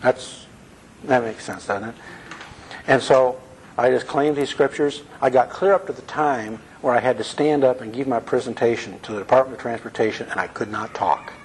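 Man, preacher, conversational sermon, earnest, mid-pitched voice, faint background hiss. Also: moderate pace, rough recording. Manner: earnest, asks the audience questions.

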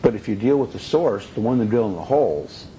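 A man's voice: on the low side, lively intonation, fairly quick, dark tone, a little hiss or hum, low-quality recording. A man teaching a conversational sermon in a folksy way, full of asides. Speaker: Bible teacher.

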